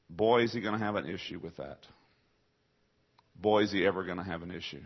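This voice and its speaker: A man preaching a sermon, asking rhetorical questions and answering them himself, moving between hushed low stretches and loud, high, emphatic lines. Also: brisk, gravelly, long pauses. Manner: dramatic swings between soft low passages and loud high rising questions; rhetorical call-and-response questions to the congregation. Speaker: pastor. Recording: dull lo-fi sermon recording.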